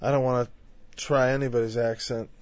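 A man preaching a conversational Bible-teaching sermon. He is emphatic, builds louder through lists and drops in frequent "you know" asides. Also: mid-range voice, little pitch movement, a little fast, dry recording. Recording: dull, dry lo-fi recording.

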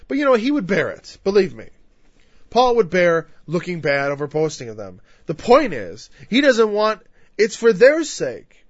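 A man's voice: high-pitched, big pitch swings, normal speed, dry recording, muffled recording. A man preaching a sermon emphatically, teaching through a scripture passage and sometimes raising his voice. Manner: emphatic, raises voice at times.

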